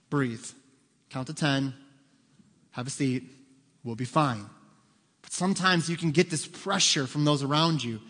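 A middle-aged man preaching a sermon as pastor, lively and joking, acting out small bits of dialogue. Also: on the high side. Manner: lively, joking, acts out voices of children. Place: church sanctuary. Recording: long hall reverb.

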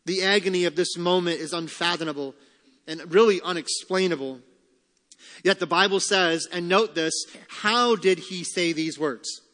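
Emphatic high-voiced man preaching a sermon. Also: moderate pace, fairly bright tone, in a large hall. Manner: emphatic, repeats key lines, rhetorical questions. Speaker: pastor.

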